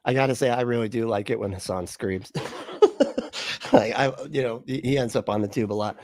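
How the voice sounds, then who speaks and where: A man's voice: medium pitch, a little fast, a little mellow, dry recording. Man, livestream host, rambling mocking commentary, frequent laughs, dry close sound.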